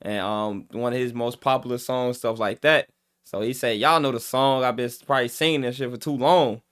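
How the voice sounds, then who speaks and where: A man hosting a casual music reaction, explaining lyrics in an animated way and mimicking how teenagers talk. He is a father who coaches youth. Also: medium pitch, moderate pace, smooth. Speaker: reaction video host.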